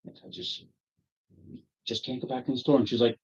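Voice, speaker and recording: A man telling a long story to friends in casual talk, profane and animated, acting out his own angry quotes. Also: medium pitch, fairly quick, breathy edge. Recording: dull lo-fi audio.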